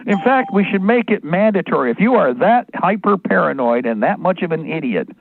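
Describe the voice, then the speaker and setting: A man's voice: high voice, very animated, a little fast, creaky, no room sound. A man hosting a live radio talk show, ranting angrily and rambling in a profane, combative way. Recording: tinny phone-like dry sound.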